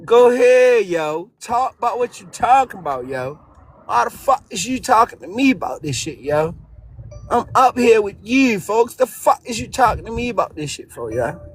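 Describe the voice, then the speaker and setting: A man with a Baltimore accent, a caller in a live online chat, ranting loudly and repeating himself with lots of profanity. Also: sits high, sing-song, normal speed, a little hiss or hum. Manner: loud, profane, repetitive ranting. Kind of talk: casual chat.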